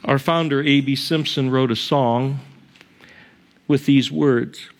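Here a man who is the pastor talks through his sermon casually, asking the congregation things and joking, going up high on key points and down low for asides. Overall his intonation stays fairly even, and he speaks slowly with frequent pauses.

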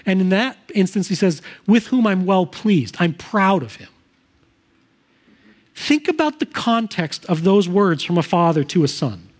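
A middle-aged man preaches from the pulpit with a voice pitched well above most men's. He talks earnestly and conversationally, pausing and restarting his phrases as he works through his thoughts. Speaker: pastor. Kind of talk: sermon.

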